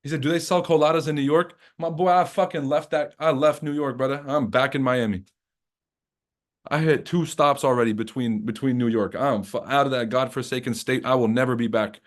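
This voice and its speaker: A man's voice: mid-range voice, steady tone, a little fast. A man hosting a live trading stream, ranting casually with heavy profanity, mocking, laughing at his own jokes, then going into market commentary. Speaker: trading livestream host.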